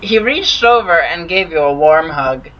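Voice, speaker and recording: A man's voice: fairly high pitch, lively intonation, unhurried, dull audio, a little hiss or hum. A man hosting a let's play, reading a dating sim's story aloud with amused asides. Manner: amused, narrating with laughs.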